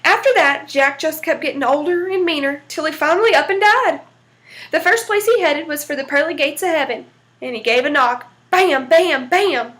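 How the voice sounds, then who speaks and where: A woman storyteller reading a folk tale aloud in a folksy, lively way. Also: sits high, normal speed.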